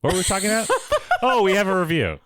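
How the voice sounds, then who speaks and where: Jokey man, very lively voice. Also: high-pitched, quick pace, no room sound, studio quality. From Minnesota, US. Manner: jokey, rambling, laughs often. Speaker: podcast co-host. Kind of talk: casual chat.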